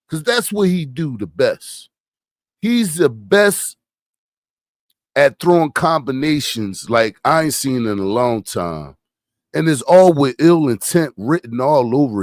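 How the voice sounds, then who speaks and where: A man hosts a casual boxing podcast at an unhurried pace, talking into a podcast mic. He leans on rhetorical questions and repeats phrases for emphasis. The sound is dry, with no room echo. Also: medium pitch. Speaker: podcast host.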